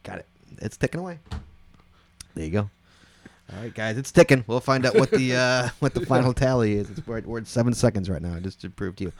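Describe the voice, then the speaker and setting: A man's voice: medium pitch, a little fast. A man co-hosting a podcast in casual chat, joking and laughing often. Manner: jokey, laughs often, animated. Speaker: podcast co-host.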